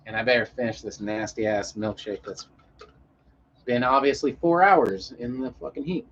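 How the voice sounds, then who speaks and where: A man's voice: mid-range voice, moderate pace, fairly bright tone, lo-fi sound. A man chatting casually on a live stream, rambling and swearing in an easygoing way.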